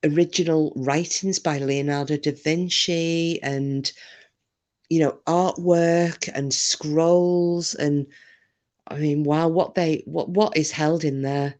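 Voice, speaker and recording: A woman's voice: low-pitched, fairly even intonation, slow, darkish tone. A woman from England hosting a casual livestream chat, talking freely and reading out viewer comments with self-deprecating humour. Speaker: livestream host.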